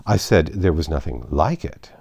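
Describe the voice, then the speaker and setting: A man voicing a fussy, impatient old king who talks in a peevish, excitable way. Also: a bass voice, normal speed, vocal fry, breathy edge, no echo, heavily acted.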